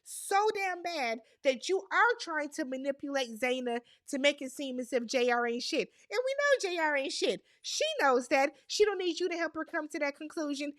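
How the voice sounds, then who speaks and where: A woman's voice: sits high, lively intonation, moderate pace, few pauses, a bit bright. A woman doing a casual, exasperated recap of a reality TV episode and talking straight to the people on screen. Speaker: recap host.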